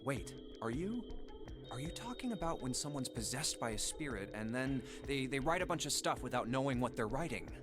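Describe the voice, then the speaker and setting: Male actor as a blunt, scoffing young game hero, lively pitch, quick to disbelieve. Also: music in the background, close to an everyday voice. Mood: incredulous. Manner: blunt, incredulous. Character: skeptical sarcastic young man, quick to scoff. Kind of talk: video game voice acting.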